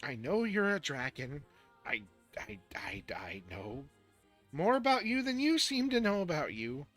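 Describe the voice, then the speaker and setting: A man's voice: high voice, big pitch swings, moderate pace, a bit bright, faint music behind, pitched above the performer's own voice. A man voicing an exasperated female dragon, a frazzled guardian who stammers as she scolds.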